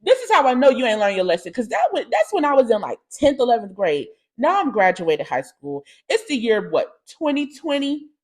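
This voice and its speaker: A young woman hosting a podcast, telling a candid personal story in slangy, animated speech that jumps into loud acted-out quotes. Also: a little high, fairly quick, few pauses. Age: young adult. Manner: animated, slangy, swings into loud shouting impressions. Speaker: podcast host.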